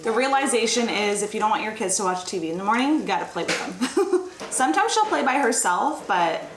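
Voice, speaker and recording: A woman's voice: medium pitch, sing-song, fairly quick, crowd noise. A woman in her thirties, a mother, chatting candidly to a handheld camera in her kitchen, laughing between sentences. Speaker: lifestyle vlogger, mother. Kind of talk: casual vlog narration. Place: home kitchen, indoors. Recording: echoey room with clear background noise.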